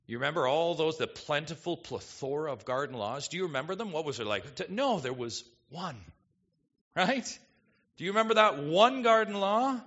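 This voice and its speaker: Pastor, male, lively sermon delivery full of rhetorical questions, bright voice, slightly muffled recording. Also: fairly high pitch, moderate pace. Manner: animated preaching, rhetorical questions, swings between soft and emphatic.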